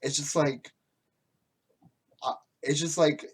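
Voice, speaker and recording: A man's voice: fairly high pitch, steady tone, slow pace, husky. A man from the United States hosting a podcast, ranting casually with lots of swearing, restarts and rambling asides. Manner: profane, rambling, with frequent restarts. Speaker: podcast host. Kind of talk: casual political rant.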